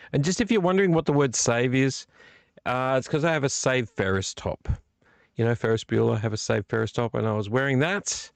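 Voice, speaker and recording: A man with a gravelly, creaky mid-pitched voice hosts a late-night live stream, rambling from one thought to the next and poking fun at himself. He sounds a little tipsy from the beer, and his voice comes across close and dry, with no room echo. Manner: rambling, chatty, self-deprecating. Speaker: livestream host. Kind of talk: casual live-stream chat.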